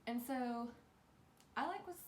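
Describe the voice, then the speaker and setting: A young woman telling a rambling storytime, animated and full of "like". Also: fairly high pitch, measured pace, a little hiss or hum. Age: young adult. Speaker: vlogger. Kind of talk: casual storytime. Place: bedroom. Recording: echoey room with faint ambience.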